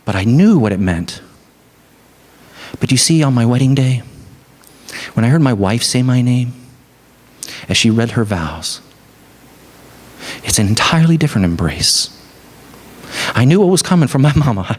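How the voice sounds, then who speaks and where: Earnest male pastor preaching with animated storytelling. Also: medium pitch, moderate pace, long pauses. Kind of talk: Easter sermon.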